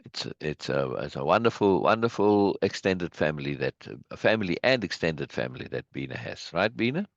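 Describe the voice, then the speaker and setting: A man's voice: sits low, very animated, brisk, creaky, few pauses, dry recording. A man hosting a casual video-call chat, speaking emphatically and laughing often. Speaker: host. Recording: dull lo-fi video call audio.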